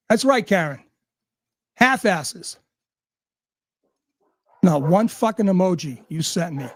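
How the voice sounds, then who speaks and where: A man's voice: sits high, expressive, takes it slowly, pauses often, no room sound, studio quality. A man ranting angrily and sarcastically, swearing at almost every turn. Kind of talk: profane rant.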